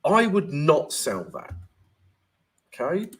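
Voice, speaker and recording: Live-stream host, man, husky voice with lots of pitch movement, casual teacher who greets chat by name. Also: big pitch swings, slow pace, fairly bright tone. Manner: chatty, keeps asking "right?" and greeting viewers by name. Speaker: trading educator hosting a live stream.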